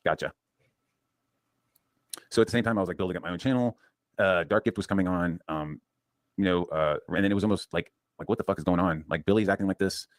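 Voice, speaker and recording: Man, deep low voice, rapid profane rambling rant, dry close sound. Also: dry recording. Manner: profane, rambling, frequent restarts. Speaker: comics channel host. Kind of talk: casual storytelling rant.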